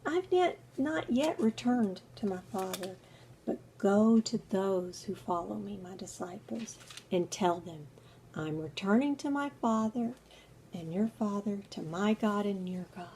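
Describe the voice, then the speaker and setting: A woman reading a soft, calm teacher figure. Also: mid-range voice, measured pace, slight background noise, low-quality recording. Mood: gentle. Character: gentle risen teacher speaking to his followers.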